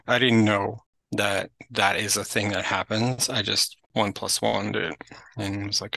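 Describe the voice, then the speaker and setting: This podcast guest, a young man from a Greek family, has a lowish, gravelly voice at normal speed, captured on poor audio with no room sound. Chatting casually about looking after his mother, he retells events with animation and leans heavily on "like."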